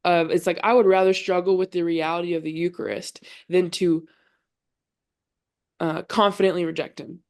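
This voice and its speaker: A young adult woman, a college volleyball player appearing as a podcast guest, talks earnestly about her faith in casual conversation, leaning heavily on "like." Her voice is fairly low in pitch, with a flat delivery and a moderate pace.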